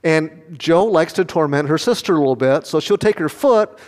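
A man's voice: fairly high pitch, animated, normal speed, a little mellow. An older man preaching a sermon, telling homely family stories and asking the congregation questions. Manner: folksy storytelling, asks the congregation questions. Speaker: pastor. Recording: long reverb of a large hall.

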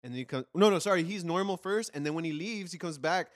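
A man's voice: a little high, lively intonation, fast, dry recording, studio quality. A young man co-hosting a podcast in laid-back casual chat who swears often and answers with many short agreeing replies. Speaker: podcast co-host.

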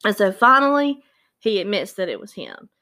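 A woman casually retelling a true-crime case, animated and acting out the quoted voices. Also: mid-range voice, normal speed.

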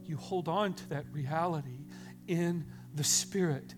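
Male pastor, higher-pitched, dramatic storyteller, church music playing beneath the sermon. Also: measured pace. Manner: dramatic retelling, swings from hushed to loud and fervent.

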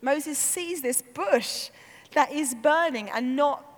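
A woman preaching a sermon in an animated, chatty way, peppering her talk with "like". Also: high voice, slow pace. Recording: long hall reverb.

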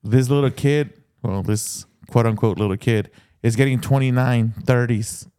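A man co-hosting a podcast, telling an amused story in lively casual chat. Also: medium pitch, normal speed, clear, resonant tone. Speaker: podcast co-host.

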